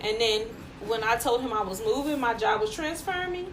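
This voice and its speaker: A woman co-hosting a podcast, telling a story in casual chat, animated and profane, laughing as she goes. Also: a little high, fairly quick, a little hiss or hum. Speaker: podcast co-host.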